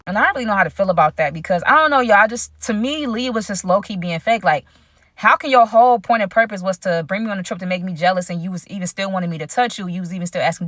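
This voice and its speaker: A young woman recounts a wild personal story to her viewers in an animated, chatty way, using lots of slang. Her voice is close and dry, with no room around it. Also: medium pitch, fast, no room sound. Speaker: vlogger telling a story. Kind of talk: casual storytime vlog.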